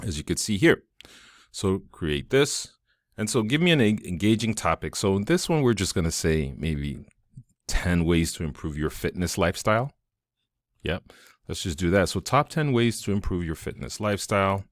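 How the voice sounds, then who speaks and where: Very low-voiced man walking through software. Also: big pitch swings, moderate pace, no room sound, clean studio sound. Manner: casual, enthusiastic, thinks aloud with fillers. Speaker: tutorial host. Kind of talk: screen-recorded software tutorial.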